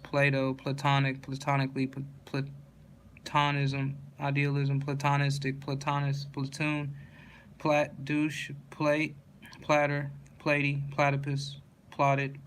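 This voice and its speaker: A man reading a long list of dictionary words aloud in a monotone, with small slips and restarts. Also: medium pitch, clean tone.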